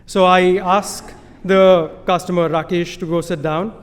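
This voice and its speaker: A man's voice: high-pitched, flat delivery, a little slow, smooth. A man in his thirties with an Indian accent, telling a personal story on stage with amused, self-deprecating humor and frequent chuckles. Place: stage in a large hall. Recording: live hall with long reverb.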